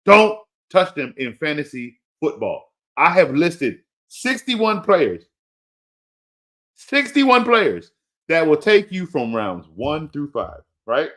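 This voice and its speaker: Slow and forceful, a fantasy football host with a slightly high, bright voice and large pitch swings rants in an opinionated, casual way. He pleads with a listener, repeating his warnings with emphasis, yet stays playful and laughs at himself.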